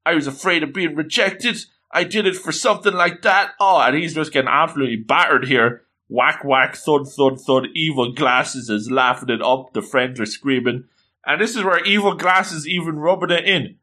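A young man excitedly recapping a story, jumping to sudden high exclamations and reading characters' lines in quick asides. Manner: animated, swings pitch up for exclamations, voices characters in quotes. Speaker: manga recap narrator.

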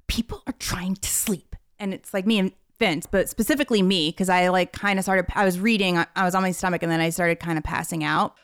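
A woman's voice: lowish voice, smooth, dry recording, studio quality. Woman in her 30s ranting a story, acts out the quotes, chatty. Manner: animated storytelling, acting out quotes. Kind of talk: casual chat.

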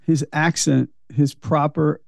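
A man's voice: a little high, level tone, slow, gravelly, no room sound, clean studio sound. A man explaining a film detail as a podcast co-host, casual and profane. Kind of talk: casual chat.

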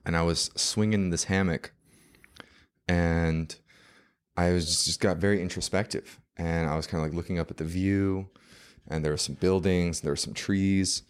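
A man's voice: sits low, fairly even intonation, normal speed, smooth. A man, a podcast guest, telling a story in a casual, rambling way, full of fillers and acted-out quotes.

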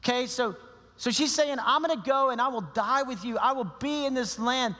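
Animated pastor preaching in an echoing hall. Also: male voice, extremely high pitch, moderate pace. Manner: conversational, animated preaching with quoted asides. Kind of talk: sermon. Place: church sanctuary. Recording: long reverb of a church hall.

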